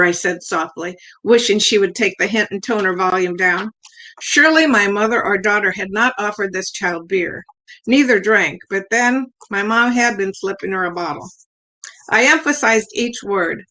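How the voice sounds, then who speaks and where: A woman's voice: medium pitch, normal speed, sharp tone, rough recording. An older woman reading her own humorous family story aloud, acting out the quoted lines as she goes. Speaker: contest winner reading her piece.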